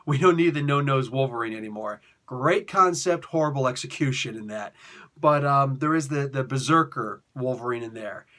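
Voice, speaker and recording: A man's voice: mid-range voice, moderate pace, fairly bright tone. A man giving a casual, rambling comic book review, full of fillers, restarts and exasperated asides.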